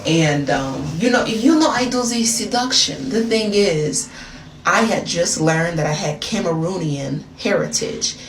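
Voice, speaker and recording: A woman's voice: on the low side, unhurried. American woman, chatty storyteller; echoey, distant, noisy phone recording. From United States. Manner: chatty, animated, addresses listener as girl. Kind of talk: storytime confession video.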